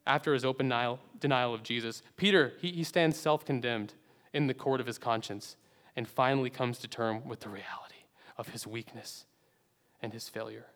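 The speaker is a man giving a sermon at a moderate pace, earnest and dramatic, alternating loud emphatic peaks with soft, low closings. A long reverb, suggesting a large sanctuary, follows his middle-pitched voice.

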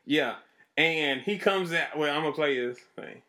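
A man talking in a casual podcast chat, an animated storyteller who laughs often. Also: a little high, normal speed. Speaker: podcast co-host.

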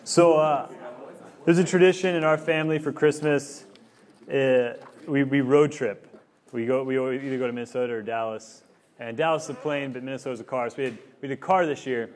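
Chatty young-dad speaker, many likes. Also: male voice, mid-range voice, fairly even intonation, fairly quick, darkish tone, a little hiss or hum. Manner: rambling, filler-heavy storytelling with many likes. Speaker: campus ministry speaker. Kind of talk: casual teaching talk. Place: room with a student group.

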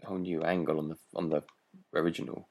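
A man's voice: very deep voice, flat delivery, fast talker, darkish tone, a little hiss or hum. A man hosting a podcast in a dry, casual way, steering the talk between segments. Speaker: podcast host. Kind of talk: casual chat.

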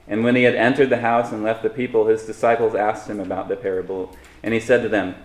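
A man with a fairly low voice delivers a sermon in an easy, conversational manner, breaking in with light humor. The room is echoey, so his words carry a roomy sound. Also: flat delivery, fast talker. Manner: conversational preaching with asides and humor. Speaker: pastor.

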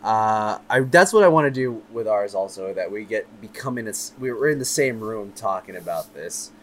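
A man co-hosting a podcast in easygoing casual chat, talkative and quick to laugh. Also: fairly low pitch, a little hiss or hum. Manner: animated, laughs easily, chatty. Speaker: podcast co-host.

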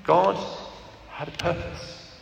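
A man's voice: takes it slowly, highs cut off. A man preaching a sermon, earnest and candid, often checking in with his listeners. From England. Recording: echoey hall with background noise.

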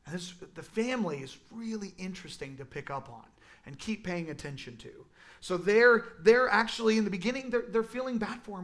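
A man teaching a Sunday school class in a casual, animated way, with lots of fillers. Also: sits high, normal speed. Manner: animated, conversational, many fillers. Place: church classroom.

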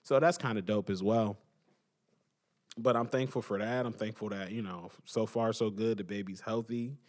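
A young man hosting a podcast, telling stories in a loose, rambling way with slang, joking and laughing, then going soft when things turn emotional. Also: lowish voice, moderate pace. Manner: animated, laughs and jokes between soft emotional stretches. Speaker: podcast host. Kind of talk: casual monologue. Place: at home.

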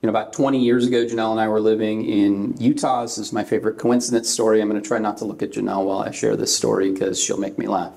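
A man's voice: fairly low pitch, little pitch movement, quick pace, gravelly, hardly any pauses, a little mellow. A middle-aged man from California preaching a sermon, telling a personal story and acting out the voices in it. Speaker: pastor.

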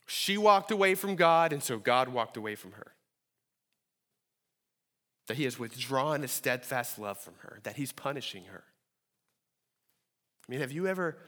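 A man's voice: on the high side, a bit bright, long reverb tail. A man preaching a sermon to his congregation, earnest and rising to a pleading tone when voicing prayers. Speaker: pastor. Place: church sanctuary.

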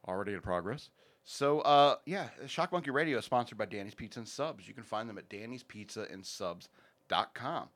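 A man's voice: on the low side, expressive, brisk, fairly bright tone. A man hosting a casual podcast, rambling and joking through sponsor reads with plenty of fillers. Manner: rambling, jokey, many fillers. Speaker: podcast host.

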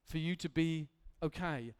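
A man's voice: a little high, a little slow, smooth. A man preaching an earnest, candid sermon in a church hall, building to emphatic intensity.

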